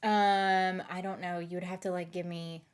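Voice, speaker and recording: A woman's voice: fairly low pitch, flat delivery, normal speed, clear, resonant tone. A woman in her late twenties with a light Southern US accent, chatting casually as a streamer in a rambling, hesitant way. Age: late 20s. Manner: rambling, hesitant, many fillers. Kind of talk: casual chat.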